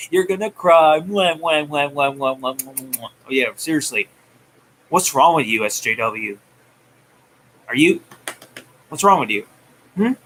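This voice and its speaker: Bright-voiced man ranting heatedly. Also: fairly high pitch, a little hiss or hum. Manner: heated, taunting, swings loud and soft. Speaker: movie news vlogger. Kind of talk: ranting commentary.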